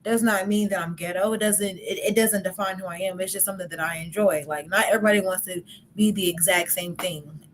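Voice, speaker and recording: A woman's voice: medium pitch, fairly even intonation, a little fast, hardly any pauses, slight background noise. A young woman hosting a podcast in casual chat, talkative and laughing often, with many "like" fillers. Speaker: podcast host.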